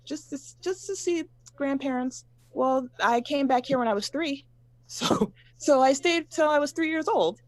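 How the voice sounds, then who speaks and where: A woman tells personal stories in a measured, unhurried way during a casual panel discussion, pausing often and using fillers. Her voice is mid-pitched, and the sound is dry, with no room echo.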